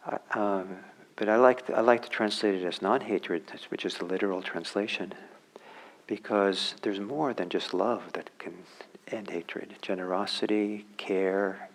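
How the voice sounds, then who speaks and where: Slow, low-voiced man giving a dharma talk. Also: rough recording. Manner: halting, reflective, many fillers and restarts. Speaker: meditation teacher. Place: meditation center hall.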